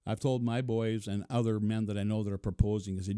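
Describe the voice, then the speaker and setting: A man's voice: fairly low pitch, steady tone, fast talker, mellow, smooth, no room sound, studio quality. A middle-aged man telling a personal story in an interview, chuckling often and acting out what people said. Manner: chuckling, vivid, acts out quotes. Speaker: interview guest.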